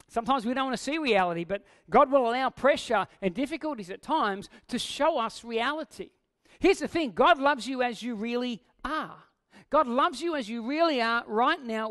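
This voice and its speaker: A pastor with an extremely high, fairly bright voice preaches conversationally, posing questions to listeners. He acts out quoted lines, raising his voice for them.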